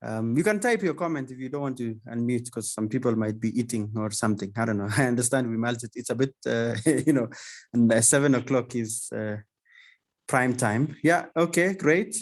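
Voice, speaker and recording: Male host on a video call, casual and halting, repeats words, animated bursts. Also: mid-range voice. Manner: halting, repeats words, laughs often, animated when excited. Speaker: community session host. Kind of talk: casual online session talk.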